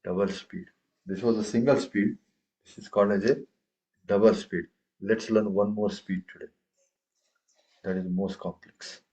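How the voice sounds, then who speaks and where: A man's voice: on the low side, steady tone, a little slow, pauses often, darkish tone, muffled recording. Man reciting rhythm syllables to a class. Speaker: tabla teacher. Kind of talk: classroom lesson.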